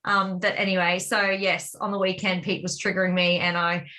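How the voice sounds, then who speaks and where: A woman's voice: fairly low pitch, flat delivery, normal speed, sharp tone. A woman telling a personal story in a candid, confessional way, rambling with plenty of fillers. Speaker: vlog co-host.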